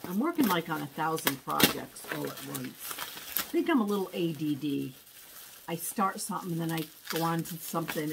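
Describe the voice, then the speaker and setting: A woman's voice: deep voice, gravelly, noisy background. A woman vlogger chatting casually while unboxing thrift packages, rambling and restarting her thoughts.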